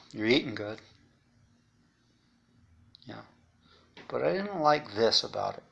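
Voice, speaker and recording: A man's voice: medium pitch, vocal fry, a bit bright. A man telling his story in a blunt, profane, rambling way, full of asides. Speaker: interviewee recounting life after incarceration. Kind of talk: casual storytelling monologue.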